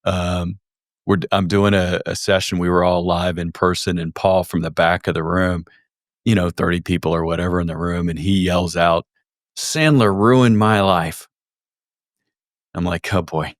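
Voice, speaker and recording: Low-voiced male host and sales trainer, steady and reflective storyteller, dry close mic. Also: dry recording. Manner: measured, anecdotal, reflective. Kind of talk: casual podcast conversation.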